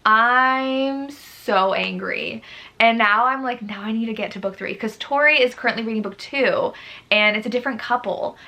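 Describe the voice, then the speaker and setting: Young woman, book vlogger, bright tone, animated, exasperated, gushy. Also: on the high side, fairly quick. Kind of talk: casual book review vlog.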